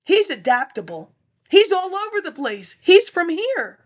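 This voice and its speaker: A woman vlogger rambles through a casual monologue, jumping from topic to topic, chuckling to herself and talking straight to her viewers. Her voice is very high-pitched and very animated, and she doesn't rush.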